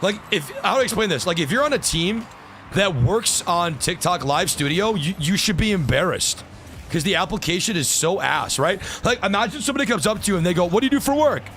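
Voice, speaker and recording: A man's voice: sits high, expressive, a little fast, fairly bright tone, a little hiss or hum. A man livestreaming a game, talking to chat in frustrated rants and swearing freely. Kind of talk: gaming livestream commentary.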